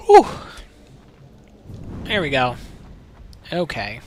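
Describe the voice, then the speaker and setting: A man's voice: mid-range voice, wildly swooping pitch, drawn-out words, a little mellow. A man streaming a video game, chatting casually and rambling as he plays, sometimes swearing. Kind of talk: casual livestream commentary while playing.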